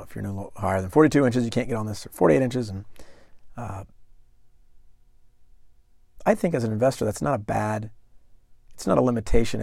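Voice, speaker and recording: Man, podcast host, gravelly voice, emphatic conversational delivery, dry sound. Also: mid-range voice, a little mellow, no room sound. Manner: conversational, emphatic, asks the listener questions. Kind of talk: solo investing podcast talk.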